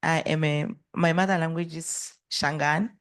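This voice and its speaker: A woman's voice: low-pitched, steady tone, normal speed. A woman from South Africa, a district health manager, introducing herself to a course group with light laughs between phrases.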